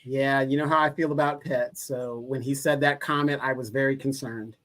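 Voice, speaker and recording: Bright-toned man, livestream host, dry and questioning. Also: mid-range voice, fairly even intonation, normal speed. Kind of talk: casual live-chat commentary.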